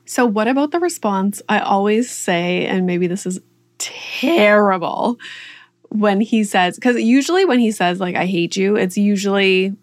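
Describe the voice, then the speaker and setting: A woman's voice: mid-range voice, unhurried. A woman podcast host asking a guest about her own parenting, chatty and full of fillers. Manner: chatty, lots of "like", asks questions. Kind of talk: casual podcast conversation.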